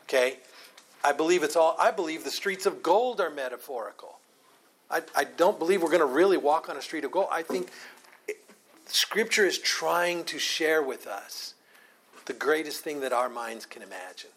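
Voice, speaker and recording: A man's voice: fairly high pitch, animated, moderate pace, a bit bright, breathy edge. A man leading a Bible study, explaining Scripture in a conversational way and often asking rhetorical questions.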